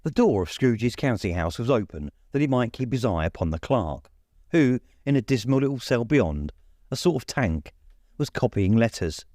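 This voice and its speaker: Guy narrating an audiobook, very animated, dry close mic. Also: mid-range voice, moderate pace, no echo. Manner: animated storyteller. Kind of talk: expressive scripted narration.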